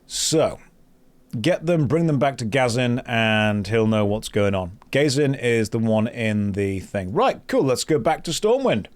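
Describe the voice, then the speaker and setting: A man's voice: medium pitch, expressive, a little slow. Joking man streaming a game. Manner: joking, sarcastic, reads quest text aloud. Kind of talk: casual live-stream chat while gaming.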